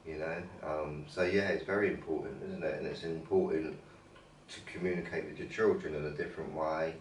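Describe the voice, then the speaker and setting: A man's voice: a bass voice, steady tone, fairly quick. A man co-hosting a podcast, musing casually and ending his points with tag questions. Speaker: podcast co-host. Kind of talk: casual chat. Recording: roomy echo, far from mic, faint hiss.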